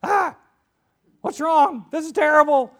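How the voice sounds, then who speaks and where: A frantic scarecrow. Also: male voice, measured pace. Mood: panicked. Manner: frantic, shrill yelling. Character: panicking brainless male scarecrow.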